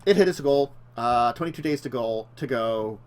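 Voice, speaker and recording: A man's voice: medium pitch, animated, normal speed. A man co-hosting a casual talk show, rambling and correcting himself, laughing often. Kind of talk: casual chat.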